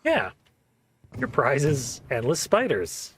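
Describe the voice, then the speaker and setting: A man's voice: medium pitch, wildly swooping pitch, takes it slowly, fairly bright tone. A man narrating a horror game in a loose, jokey way, his voice bouncing up and down as he cracks dry one-liners. A faint hiss sits under his voice. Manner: wry, jokey, laughs often. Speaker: let's play host. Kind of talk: casual gameplay commentary.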